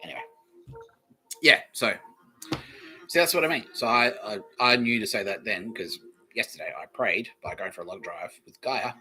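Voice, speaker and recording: A man's voice: lowish voice, moderate pace, sharp tone, poor audio. An Australian man hosting a podcast, rambling casually and swearing freely. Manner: swears freely, loose and laughing. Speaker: podcast host.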